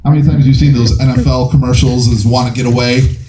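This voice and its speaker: A man in his thirties doing stand-up storytelling, animated and laughing through his own tale in a small live venue. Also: mid-range voice, fast. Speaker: storytelling comedian. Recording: echoey room with faint noise.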